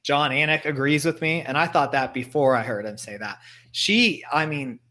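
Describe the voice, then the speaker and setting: A man with a bright, sharp tone, talking up a fighter he is excited about. He piles on fillers like "like" and "I mean". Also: a little high, moderate pace. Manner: eager, filler-heavy. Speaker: co-host. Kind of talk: casual betting chat.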